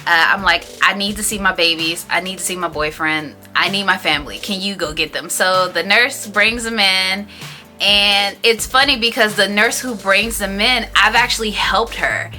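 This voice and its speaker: A woman in her thirties tells a personal story in a casual vlog. She is animated and acts out the other people in it with raised voices. Her voice is bright and clear, with faint music playing underneath. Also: mid-range voice, moderate pace. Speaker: beauty vlogger.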